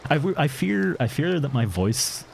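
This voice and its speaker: A man streaming a video game, giving casual commentary in a dry, flat-sounding way. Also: a little high, gravelly, slight background noise. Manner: self-described monotone, dry and offhand. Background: game music.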